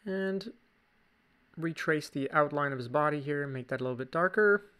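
A man's voice: a little high, normal speed, a bit bright, smooth. A man with a Canadian accent, chatting casually through a drawing tutorial with jokey asides. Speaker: drawing teacher.

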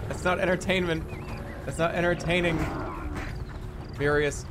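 A man casually commentating his own game live, excitable and joking, swearing freely. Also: a little high, normal speed, background noise. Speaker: streamer playing a strategy game.

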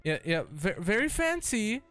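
Excitable male let's-player, nervous and giggly, slightly high voice, faint music behind. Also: normal speed. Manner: excitable, nervous laughter, stammering restarts. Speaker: gaming YouTuber. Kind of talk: let's-play commentary.

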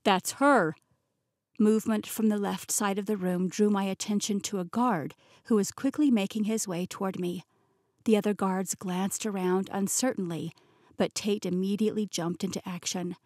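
A woman reading a first-person fantasy novel as a professional audiobook narrator, in a smooth, even-paced telling. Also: mid-range voice, normal speed, no room sound, studio quality. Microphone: close studio mic.

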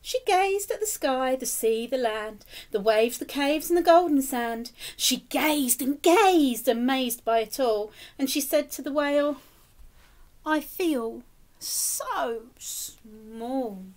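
Slow, high-voiced teacher reading aloud. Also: female voice. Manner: animated, with gasps and spoken asides to young listeners. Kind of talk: expressive storybook read-aloud for children.

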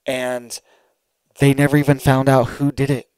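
A man's voice: medium pitch, little pitch movement, normal speed, a little mellow, smooth, dry recording, poor audio. A man giving solo commentary to camera, urgent and emphatic, who keeps checking in with his listener. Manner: urgent, emphatic, keeps asking "all right?". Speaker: online commentator.

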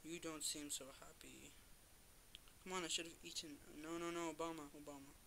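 A man's voice: fairly high pitch, brisk, creaky, slight background noise. A man giving casual commentary while he plays a mobile game, talking trash at other players and crying out in repeated bursts when things go wrong. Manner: playful trash talk, excited repeated cries. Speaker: gamer commentator.

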